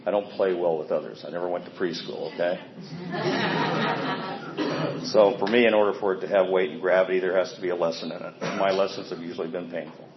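Deep-voiced man sharing his recovery story. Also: very animated, brisk, a crowd in the background. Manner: candid, plainspoken, self-deprecating. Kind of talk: personal recovery testimony. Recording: echoey, dull sound with faint ambient noise.

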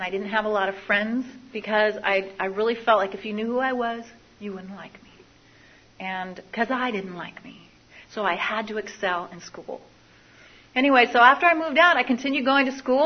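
A woman with a medium-pitched voice gives an audience a personal testimony about her recovery, confessional and frank, circling back to repeated phrases. The sound is lo-fi.

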